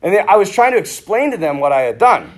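A middle-aged priest giving a conversational sermon, telling stories and acting out bits of dialogue. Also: male voice, sits high, fast. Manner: conversational, animated, acts out quoted dialogue. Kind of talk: sermon with storytelling.

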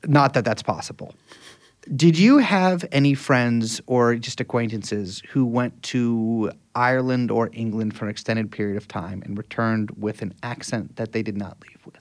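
A man's voice: medium pitch, normal speed. A man co-hosting a podcast, chatting casually with jokes and some swearing. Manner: animated, jokey, swears casually. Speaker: podcast co-host.

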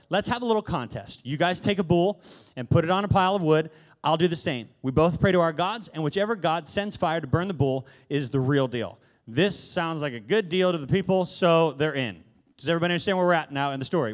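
A man preaching a casual sermon, retelling a Bible story with jokes and asides. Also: high-pitched. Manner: casual and joking, laughs between lines. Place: church hall.

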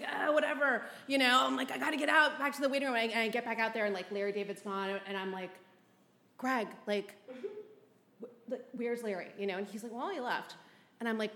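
A woman telling an animated stand-up anecdote on stage, packed with fillers and quoted asides. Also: a little high, reverberant. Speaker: stand-up comedian. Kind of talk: stand-up storytelling.

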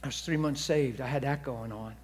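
A man preaching a sermon in a church hall, telling stories in a voice that drops to hushed near-whispers and then rises to loud, excited bursts. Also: mid-range voice, brisk. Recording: long hall reverb.

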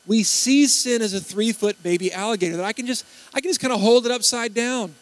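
High-voiced preacher telling stories. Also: male voice, a little fast, dry recording, poor audio. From Baton Rouge, Louisiana. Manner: animated storytelling, acts out quotes. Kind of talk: sermon.

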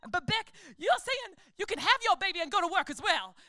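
A woman doing a booming Southern preacher. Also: very animated, fairly quick, bright, forceful tone, no echo, exaggerated voice. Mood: fervent. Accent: Southern US, put on.

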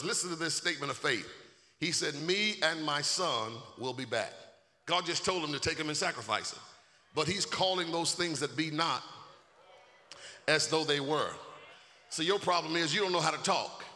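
A male pastor preaching a sermon with call-and-response, swelling into shouts. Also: fairly high pitch. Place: church sanctuary. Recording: echoey hall.

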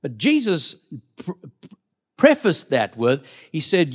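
A middle-aged male pastor preaching a lively sermon in church, leading the congregation in call-and-response. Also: on the high side, a little slow.

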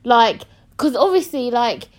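A young woman hosts a casual podcast chat. Her voice sits a little high and swings widely in pitch. She talks bluntly and swears freely. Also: unhurried. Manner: blunt, swears a lot, animated. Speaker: podcast host.

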